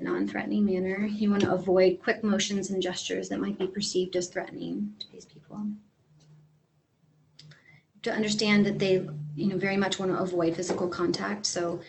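Woman lecturing a class, plain and relaxed. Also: fairly low pitch, vocal fry, a little hiss or hum, low-quality recording. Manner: relaxed, friendly, frequent ums. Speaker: instructor.

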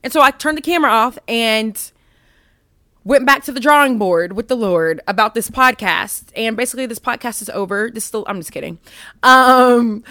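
A woman's voice: fairly high pitch, expressive, moderate pace, pushed and bright, no room sound, clean studio sound. A young woman hosting a casual faith podcast, rambling and self-mocking as she chats with listeners. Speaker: podcast host.

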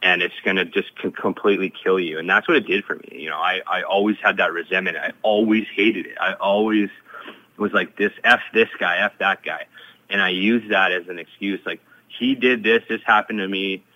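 A man's voice: low-pitched, fairly even intonation, a little fast, bright, forceful tone, dull audio. A former pro hockey player in his thirties, telling his story in an interview with many fillers and restarts.

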